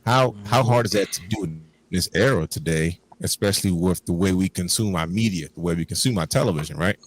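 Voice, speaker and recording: A man's voice: sits low, a little fast, poor audio. A man co-hosting a wrestling talk show, talking enthusiastically and rambling. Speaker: podcast co-host. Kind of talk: casual chat.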